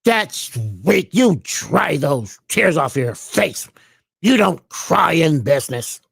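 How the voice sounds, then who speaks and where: A vlogger putting on a stern woman investor who scolds slowly and coldly. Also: medium pitch, sing-song, vocal fry, fairly bright tone, breathy edge, dry recording, clean studio sound, heavily acted. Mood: scolding. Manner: slow, scolding, dismissive.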